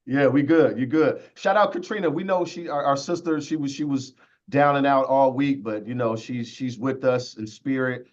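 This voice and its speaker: A man's voice: medium pitch, normal speed. Hyped-up male webinar host, dull audio. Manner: hype, shout-outs, informal slang. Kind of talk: energetic webinar hosting.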